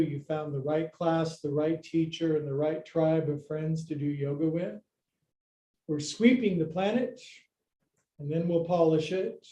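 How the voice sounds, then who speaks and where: A man's voice: on the high side, warm tone. An older man teaching a live-streamed yoga class, giving upbeat, playful cues and counting through poses, sometimes out of breath. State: out of breath at times.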